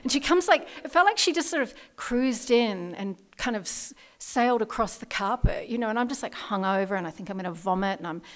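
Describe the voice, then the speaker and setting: A woman's voice: a little high, lively intonation, a little fast, few pauses, fairly bright tone. A middle-aged Australian woman speaking candidly at a recovery meeting, telling her own story with self-deprecating laughs.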